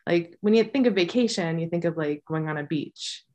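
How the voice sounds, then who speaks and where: A woman with a somewhat low voice co-hosts a book podcast. She speaks thoughtfully and gives information, pausing to restart her sentences. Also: dark tone. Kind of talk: casual book review chat.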